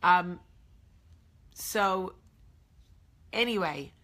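A woman in her thirties chats to her audience on a morning live stream. Her voice sits low yet sounds bright and forward. She rambles easily, with plenty of fillers. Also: extremely slow. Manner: chatty, rambling with many fillers. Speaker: host.

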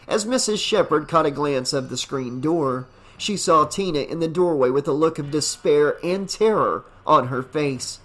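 Guy reading an audiobook, dramatic and deliberate, voice a bit high. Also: a bit bright. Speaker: audiobook narrator. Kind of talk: scripted narration.

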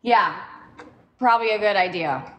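A woman's voice: medium pitch, moderate pace, muffled recording. A woman at home, a mother talking to her young son while trying to assemble furniture, patient at first and growing tired and frustrated. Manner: patient, then frustrated and weary. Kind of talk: casual home vlog. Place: home, indoors.

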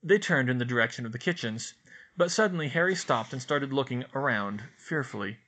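Man, audiobook narration, lively pitch, bright, expressive. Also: a little fast. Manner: expressive, animated reading.

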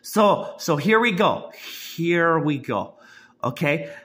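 A man's voice: on the high side, big pitch swings, slow pace. A young man ranting casually about football, rambling with many restarts and heated outbursts. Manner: bursts into shouting and laughter. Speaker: sports vlogger. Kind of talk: casual sports rant.

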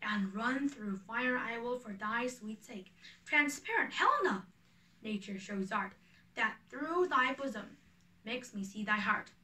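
An ardent young male lover, read by a woman in earnest verse. The voice is bright and fairly high, heard from a little distance. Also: unhurried, roomy sound. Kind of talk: reading a play aloud.

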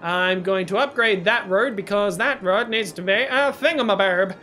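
A man's voice: sits high, normal speed, sharp tone. A man commenting on his own city-building game, rambling and self-mocking, slipping into silly sing-song and nonsense sounds. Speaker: gaming YouTuber. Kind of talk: let's-play commentary. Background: faint game music.

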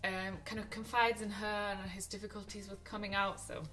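A woman's voice: medium pitch, level tone, fairly quick, pushed and bright, faint music behind. A young woman casually talking about favourite films, chatty and gushing, with frequent ums and restarts. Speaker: film vlogger. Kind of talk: casual film recommendations to camera.

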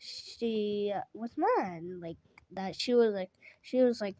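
A woman spins an improvised tale at an unhurried pace, wandering through it and correcting herself as she goes. Her voice sits in a middle register and is recorded close and dry. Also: medium pitch, animated, a little mellow, no room sound. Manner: rambling, corrects herself mid-sentence. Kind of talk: improvised storytelling.

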